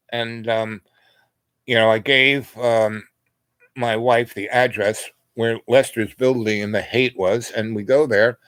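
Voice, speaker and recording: A fairly bright, mid-range voice belongs to an older man telling a rambling personal story in casual chat, heavy on "you know" and restarts. He acts out other people's voices, and the recording is dry.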